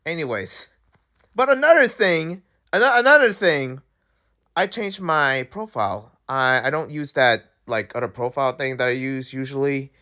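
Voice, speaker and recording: A young man who makes gaming videos, talking straight to his viewers in a casual, excitable rant. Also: medium pitch, normal speed. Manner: animated, excitable, talks to viewers directly. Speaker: gaming YouTuber.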